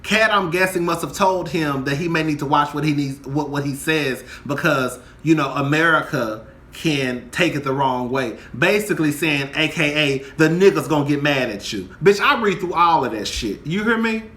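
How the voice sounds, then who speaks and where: A man's voice: on the high side, moderate pace, hardly any pauses, pushed and bright. A young man angrily ranting about a reality TV show, heated, profane and emphatic. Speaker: commentator. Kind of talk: angry reality TV rant to camera.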